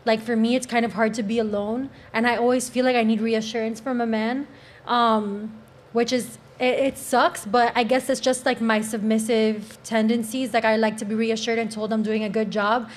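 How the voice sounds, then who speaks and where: A woman's voice: fairly high pitch, little pitch movement, moderate pace. A woman with a Cuban accent, a panel guest speaking openly and earnestly in casual talk. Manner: open, candid, earnest.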